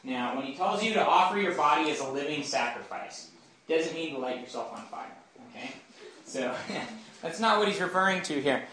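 A man with a slightly high, somewhat bright voice gives an informal Bible talk to a campus group, checking in with his listeners often. The mic is far away in a very echoey room.

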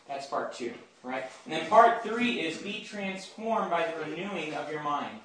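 A man's voice: on the high side, animated, normal speed, hardly any pauses, sharp tone, a little hiss or hum. A man giving a conversational Bible talk to a campus group, often checking in with his listeners. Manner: informal, keeps checking in with listeners. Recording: very echoey room, mic far off.

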